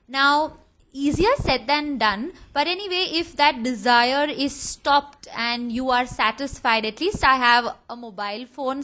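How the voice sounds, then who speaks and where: A woman's voice: fairly high pitch, fairly bright tone, poor audio. A woman teacher, explaining a history lesson patiently and speaking directly to her students.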